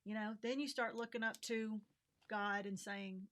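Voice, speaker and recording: A woman's voice: fairly high pitch, normal speed, a bit bright. A middle-aged woman vlogging frankly about her week, venting with swearing, fillers and bursts of laughter. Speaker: vlogger and teacher. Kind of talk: candid personal vlog.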